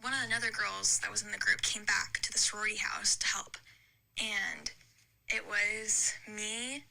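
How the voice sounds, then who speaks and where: A woman's voice: medium pitch, fairly even intonation, moderate pace, vocal fry, pushed and bright, low-quality recording. A young woman telling a long, rambling story in casual chat, with lots of "like" and restarts. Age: young adult. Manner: chatty, rambling story with many likes. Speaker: podcast guest.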